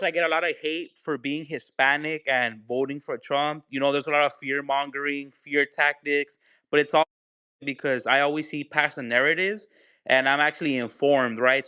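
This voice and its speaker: A man with a Mexican accent speaks earnestly and casually, with plenty of "you know" fillers. His voice is smooth and resonant, recorded dry and close. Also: on the high side, pushed and bright, no room sound, muffled recording. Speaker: caller. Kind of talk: casual call-in chat.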